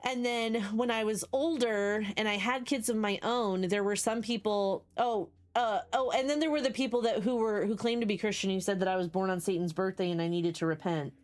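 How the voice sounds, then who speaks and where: A chatty woman in her forties streams from home and talks straight to her viewers. Her voice sits at an everyday middle pitch. She drifts from one long story to the next and stops to greet people in chat. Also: brisk, hardly any pauses. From United States. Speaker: livestreamer.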